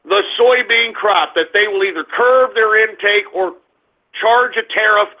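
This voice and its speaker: A man's voice: sits high, a little slow. A man hosting an internet radio show, giving a market rundown in a brash, crude, mocking ranting style. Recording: phone-like lo-fi audio.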